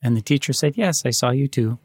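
A man co-hosting a podcast, telling reflective, gentle anecdotes in casual conversation. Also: mid-range voice, animated, brisk, husky, no echo, studio quality. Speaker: podcast co-host.

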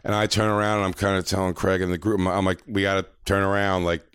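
A man's voice: deep voice, flat delivery, quick pace, a bit bright, smooth, dry recording, studio quality. A man co-hosting a podcast, telling a long story in casual chat, full of fillers and acted-out quotes. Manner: rambling, filler-heavy, acts out quoted lines. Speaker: podcast co-host.

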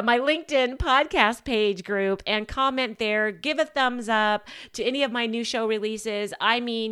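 A woman's voice: medium pitch, pushed and bright, clean tone. A woman hosting her own podcast, talking alone in an enthusiastic, gushing way with fillers and restarts. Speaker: podcast host. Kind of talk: solo podcast monologue. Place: home.

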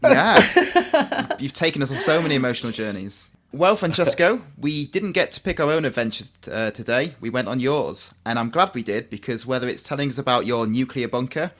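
A man's voice: medium pitch, very animated, brisk, a bit bright. A man co-hosts a podcast in easy, casual chat. He jokes around and breaks into laughter partway through his sentences. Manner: jokey, laughs often mid-sentence. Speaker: podcast co-host.

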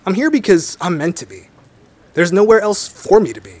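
Brief: young man telling his story, animated, slightly high voice. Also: brisk, no echo. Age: young adult. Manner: relaxed, wry, laughs easily. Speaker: interviewee. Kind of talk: conversational interview.

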